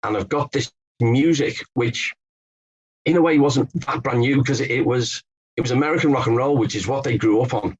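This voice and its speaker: Here a man from England, an author known for his Beatles expertise, guests on a podcast, telling stories and explaining with some fillers and restarts. He sounds husky and medium-pitched, talking at a normal speed, though the audio is dull.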